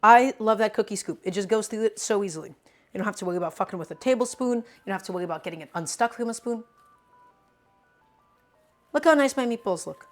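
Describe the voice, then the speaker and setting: A woman's voice: mid-range voice, very fast. A young woman chatting casually as she cooks live in her home kitchen, answering viewers' questions with a playful, joking manner. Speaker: cooking streamer. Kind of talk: casual live-stream cooking chat.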